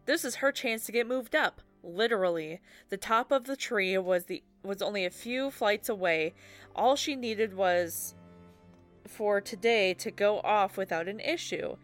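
A woman of middle pitch reads a friend's handwritten story slowly, tripping over hard-to-read words and laughing now and then. She sounds like a casual podcast host, with faint music underneath. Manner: stumbles over handwriting, laughs through reading.

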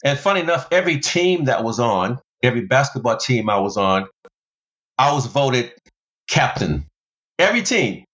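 An American man, a former pro basketballer and motivational speaker, tells stories as a guest in an interview. He's an animated storyteller at a moderate pace and mid pitch, using big pitch jumps for emphasis, and the podcast sound is slightly muffled.

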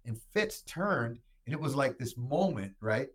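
A man hosting a casual show, telling stories in an animated way and tagging his lines with "right?". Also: medium pitch, measured pace, breathy edge. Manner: animated storyteller who tags lines with "right?". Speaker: show host answering listener questions. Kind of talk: casual storytelling chat.

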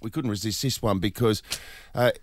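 A man's voice: on the low side, moderate pace. A man with an Australian accent hosting breakfast radio, chatty and rambling, with plenty of fillers. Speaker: radio breakfast show host. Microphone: studio microphone.

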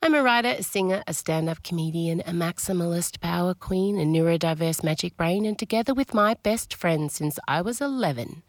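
Australian woman, forties, podcast host, slightly hoarse, lowish voice, dry close sound. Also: expressive, brisk, hardly any pauses, no echo. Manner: chatty, self-mocking. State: recovering from illness, a bit hoarse. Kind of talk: casual chat intro. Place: home, under a doona.

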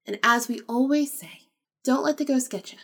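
A woman's voice: sits high, normal speed. A woman hosting a podcast, talking candidly about a personal experience, emphatic and repeating phrases for weight, with the odd swear word. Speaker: podcast host. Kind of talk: casual personal storytelling.

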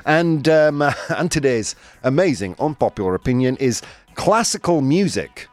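Lively, chatty male radio host. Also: medium pitch, normal speed, soft background music. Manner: energetic, chatty, laughs often. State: out of breath. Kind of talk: live radio show banter. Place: radio studio.

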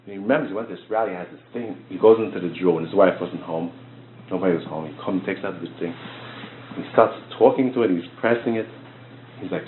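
A man, a rabbi teaching a class, telling a story in a lively, conversational way. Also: lowish voice. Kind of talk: storytelling lecture. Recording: tinny phone-like sound in an echoey room.

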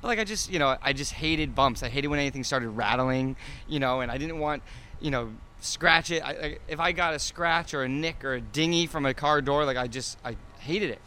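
A man's voice: medium pitch, fairly quick, sharp tone, a little hiss or hum. A man in his thirties, an interview guest chatting casually about his cars, rambling with lots of fillers and restarts.

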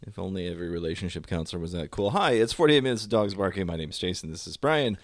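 A man's voice: deep voice, expressive, quick pace, no echo, studio quality. A man in his forties, a former radio DJ, co-hosting a podcast in casual chat and laughing often.

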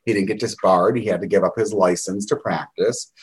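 A man's voice: low voice, steady tone, a little fast, breathy edge, low-quality recording. A middle-aged man telling candid stories in a rambling way, with wry laughs. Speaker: guest. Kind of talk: candid conversational storytelling.

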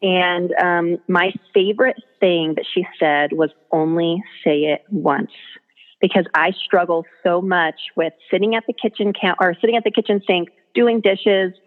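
Over a tinny phone line, a mother and blogger tells parenting stories in a casual interview chat. Her fairly low voice has fairly even intonation and a measured pace, and she's earnest and chatty, acting out her kids' voices.

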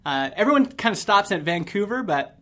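A man's voice: high-pitched, big pitch swings, fairly quick, fairly bright tone. A Canadian man hosting a podcast, chatting loosely and laughing easily with his guest. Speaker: podcast host. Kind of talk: casual podcast conversation.

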